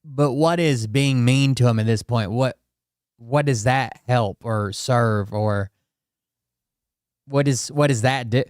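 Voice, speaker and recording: A man's voice: medium pitch, slow pace, a little mellow, clear, resonant tone, no echo, studio quality. A man giving casual reaction commentary, blunt and profane, often restarting his sentences.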